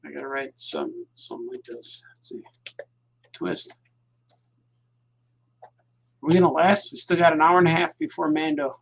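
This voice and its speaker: A man's voice: on the high side, normal speed, creaky, long pauses, a bit bright. A man, a cartoonist, chatting casually to his viewers at home at night while he draws, rambling and repeating himself as his thoughts drift. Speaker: cartoonist hosting his own show.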